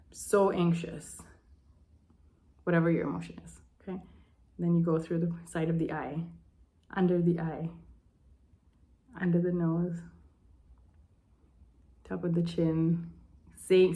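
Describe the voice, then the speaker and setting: A young adult woman, a life coach, gently talks through an emotional tapping routine and speaks sample phrases aloud with sighs. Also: lowish voice, steady tone, a little slow, pauses often. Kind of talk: instructional tapping demonstration.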